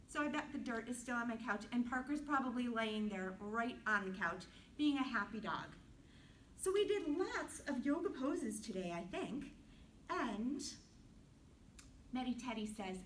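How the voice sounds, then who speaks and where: A woman guides children through yoga with slightly raised pitch and a slow, gentle, playful delivery, drifting into a soft hush for rest. She sounds set back from the mic in an indoor room, with faint noise behind her. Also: lively intonation, recorded from a distance, low-quality recording. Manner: gentle, playful, sing-song, drops to a soft hush in relaxation. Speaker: kids yoga teacher. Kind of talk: guided kids yoga class.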